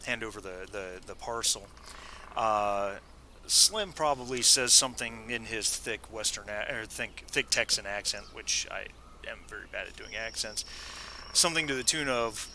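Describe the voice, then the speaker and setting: A man's voice: on the low side, normal speed, sharp tone, a little hiss or hum. A man running a tabletop game as game master, often restarting his phrases.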